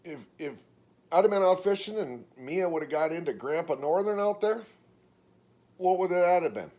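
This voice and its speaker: Animated middle-aged man telling stories. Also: normal speed. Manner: animated storytelling, mimics others in high voices. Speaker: vlogger. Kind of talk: casual monologue vlog.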